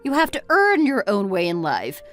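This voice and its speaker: A woman's voice: mid-range voice, huge pitch swings, normal speed, faint music behind. A woman voicing an exasperated middle-aged mother who scolds her grown son with one reproachful question after another, read as a texting-story voice-over. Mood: dismissive.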